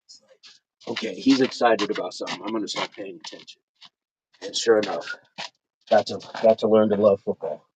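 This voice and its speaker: A man's voice: fairly low pitch, fairly quick, a little mellow. A middle-aged man hosting a fitness livestream outdoors, reading viewer comments aloud and counting out his reps between casual remarks. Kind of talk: casual livestream chat while exercising. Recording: dull lo-fi sound with faint noise.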